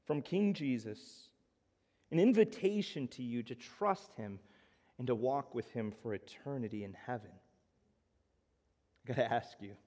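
A man preaching a sermon, swinging from loud emphatic lines to soft, slow appeals. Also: medium pitch, in a large hall. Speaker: pastor.

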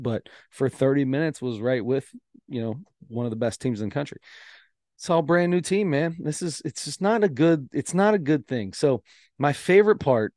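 Midwest guy chatting on a podcast, animated storyteller, teasing, dry close mic. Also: medium pitch, no room sound. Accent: American Midwest. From American Midwest. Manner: animated storyteller, playful ribbing. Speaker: podcast co-host. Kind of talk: casual chat.

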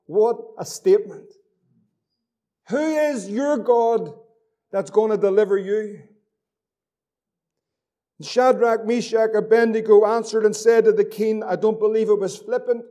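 Man, pastor, fervent repetitive sermon, very high voice. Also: unhurried, mellow. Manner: fervent, repetitive preaching with scripture read aloud.

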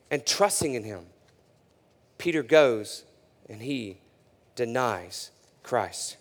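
A male pastor preaches in a relaxed, conversational way, correcting himself and filling pauses as he goes. His fairly high voice swings from loud emphasis down to a near hush, trailing off into a hall with a long reverb. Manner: conversational, with frequent fillers and self-corrections. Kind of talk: sermon.

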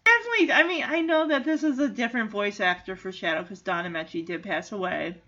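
A woman's voice: mid-range voice, expressive, quick pace, pushed and bright. A woman chatting casually as she recaps a film, exclamatory, with many restarts. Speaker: movie recap vlogger. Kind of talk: casual chat. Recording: dull lo-fi audio.

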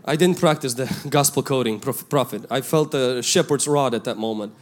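A male pastor, preaching a sermon and telling a story from his youth, swinging between loud calls and hushed asides. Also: mid-range voice, moderate pace. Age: 20s at the time of the story, now older.

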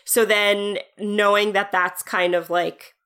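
Woman, podcast co-host, casual movie chat, relaxed, laughs often. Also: medium pitch, slow pace, clean tone. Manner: relaxed, chatty, laughs a lot.

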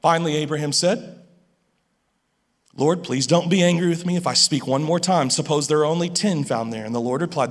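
A man preaching a sermon as pastor, lively and animated, often stammering and restarting his phrases. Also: on the high side, fairly quick, big-room sound.

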